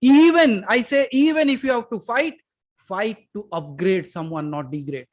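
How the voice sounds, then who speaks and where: A spiritual teacher with an Indian English accent gives a satsang talk to a live audience in a high-pitched voice at normal speed. He's emphatic, shifting from loud to hushed, and puts questions directly to his listeners.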